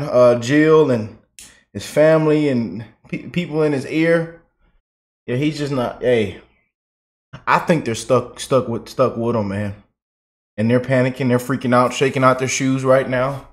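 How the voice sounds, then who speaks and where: A man giving casual political reaction commentary, chatty and loose, laughing often and repeating himself. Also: mid-range voice.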